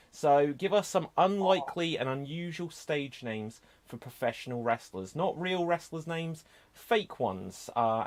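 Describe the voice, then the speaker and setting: Brisk, chatty improv host, man. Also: mid-range voice. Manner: brisk, chatty game explanations. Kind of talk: hosting an online improv show.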